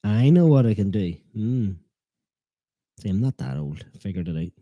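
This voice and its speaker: A man hosts a live football watchalong, joking at his own expense and needling the chat. His voice sits low and mellow. The sound is dry and close. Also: sing-song, moderate pace, no room sound, dull audio. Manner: joking, self-deprecating, teasing viewers. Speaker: fan channel host.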